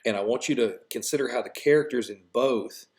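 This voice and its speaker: A male high school English teacher explaining a lesson in an informal, explanatory way before reading a story aloud. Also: a little fast, a little mellow.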